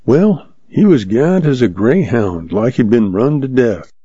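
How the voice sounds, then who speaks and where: A man voicing a vague, unhurried old stable hand with a drawl, in a dry, muffled recording. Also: mid-range voice, animated, warm tone, slightly rough, no room sound.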